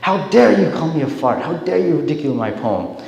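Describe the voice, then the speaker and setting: A prideful poet sputters in protest, his voice pitched a touch high and pressing forward. A man acts him out during a dharma talk. The sound carries a long hall echo with a faint hiss. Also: lively intonation, moderate pace, dark tone, lightly acted. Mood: furious. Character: proud, sore-losing male poet.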